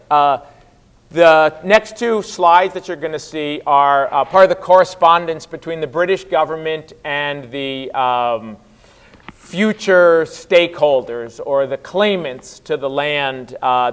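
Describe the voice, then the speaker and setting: A man's voice: a little high, smooth. Man giving a conversational history lecture. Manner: conversational, many fillers, voices historical figures in quotes. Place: classroom.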